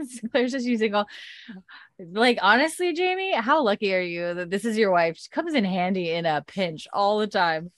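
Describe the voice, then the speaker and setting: A woman in casual chat, recapping a TV episode with lively energy and acting out each character's lines, swearing now and then. Her voice sits in a middle pitch range. It is recorded dry and close, with no room sound. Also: normal speed, dry recording. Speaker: show recapper.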